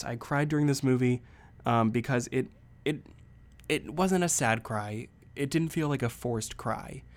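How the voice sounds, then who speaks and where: A man hosting a podcast, reviewing a movie in a chatty, rambling solo talk with playful asides. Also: mid-range voice. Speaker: podcast host. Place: saw movie at Temple theater.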